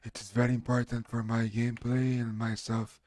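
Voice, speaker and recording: A man from Brazil with a Brazilian Portuguese accent and a strong voice, chatting on his live stream in halting English as a non-native speaker. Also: medium pitch, little pitch movement, darkish tone, no echo, studio quality. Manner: halting, searching for English words. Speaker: game streamer. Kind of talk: casual live-stream chat.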